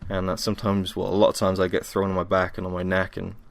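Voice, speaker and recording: Deep-voiced tired young man rambling. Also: monotone, quick pace, vocal fry, no echo. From Wales. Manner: rambling, self-deprecating, many ums. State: tired after a workout. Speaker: podcast host. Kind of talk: casual solo podcast monologue. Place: home.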